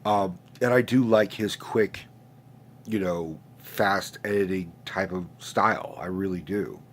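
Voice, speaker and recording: A man's voice: low voice, a little slow, slight background noise. A man in his late twenties who sounds stuffed up from a sinus infection, hosting a casual, profane, rambling rant with many restarts. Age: late 20s. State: congested, stuffed-up nose. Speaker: host.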